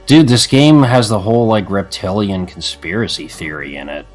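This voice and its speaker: A man's voice: lowish voice, normal speed, faint music behind. A man co-hosting a let's play, joking and swearing casually as the game plays. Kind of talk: casual gameplay chat.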